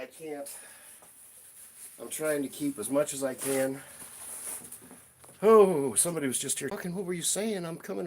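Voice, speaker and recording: A man hosting a casual live stream, chatting playfully with his viewers while he cleans a shelf at home. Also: mid-range voice. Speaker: livestream host. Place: room at home by a toy shelf.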